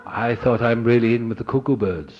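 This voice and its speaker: An older man telling a personal recovery story to an audience, animated and acting out the voices of people he met. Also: medium pitch, fairly quick, muffled recording, crowd noise. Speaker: speaker sharing his recovery story.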